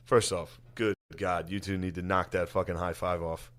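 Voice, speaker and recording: A man's voice: sits low, little pitch movement, normal speed, a bit bright. A man co-hosting a podcast, teasing and laughing in loose, profane casual chat. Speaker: podcast co-host.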